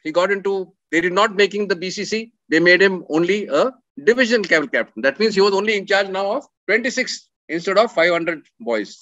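A man's voice: sits high, animated, a little fast, few pauses, fairly bright tone, dry recording, lo-fi sound. A middle-aged man, earnestly telling a story about a coursemate and repeating words for emphasis. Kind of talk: storytelling talk with slides.

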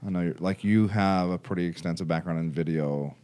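A man's voice: low voice, a little fast, mellow, clean tone. A young man hosting a casual office podcast, easygoing and steering the talk between segments. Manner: easygoing, moves the show along. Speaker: podcast host.

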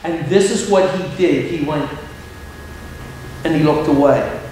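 A middle-aged man, an evangelist, telling a story in a sermon with lively humorous asides, recorded in a church hall. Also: a little high, measured pace, slight background noise. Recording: very echoey hall, faint ambience.

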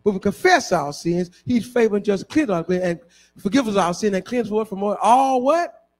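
A man's voice: sits high, lively intonation, normal speed, darkish tone. A male pastor preaching a sermon, breaking into a chanting, half-sung climax with repeated refrains.

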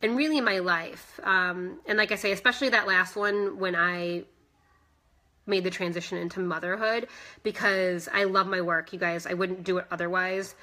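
A woman's voice: on the low side, steady tone, normal speed, sharp tone. A woman in her thirties, a fitness instructor, chatting emotionally in a live personal vlog and greeting viewers by name. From United States.

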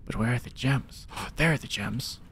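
A man's voice: medium pitch, normal speed, gravelly, a bit bright, slight background noise. A man voicing a small, greedy male gem goblin with a spitty, wet-mouthed voice, muttering to himself while improvising role-play over a video game.

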